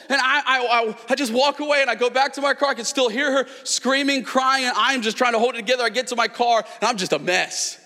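Pastor, male, 30s, high bright voice, lively storyteller, reverberant church hall. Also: a little fast. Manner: animated storytelling, rising to near-shouts. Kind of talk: sermon.

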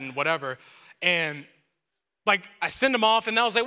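Young guy pastor preaching, slangy and jokey, high bright voice, big church reverb. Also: brisk, clear, resonant tone. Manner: animated, slangy, jokey storyteller. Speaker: youth pastor. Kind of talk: sermon with storytelling. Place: church hall. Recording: long reverb of a church hall.

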